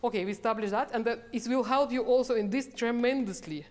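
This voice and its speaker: A woman coaching a piano masterclass, speaking in halting, restarting phrases and singing lines on syllables. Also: a little high, darkish tone. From Sweden. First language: Swedish. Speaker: piano professor. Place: large hall with a piano. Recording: reverberant hall with piano playing.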